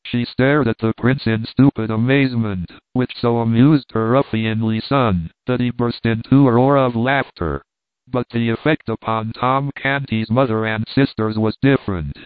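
A man narrating a classic novel in a measured, even way. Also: mid-range voice, smooth, no echo. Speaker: audiobook narrator. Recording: tinny phone-like sound, dry.

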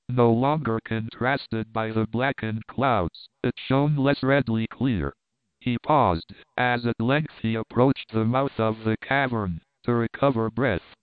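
Man reading an old novel, smooth voice, dry, sounds like over the phone. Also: medium pitch, dry recording. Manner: measured, formal reading. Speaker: narrator. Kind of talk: audiobook narration of a classic novel. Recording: phone-like lo-fi audio.

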